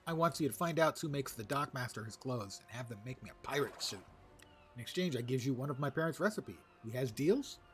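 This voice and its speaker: Casting: eager young rat-man pirate, high squeaky voice, bad grammar, put on by a man. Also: a little fast, soft background music, lightly acted. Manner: broken grammar, high excited voice. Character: young male ratonga would-be pirate, eager.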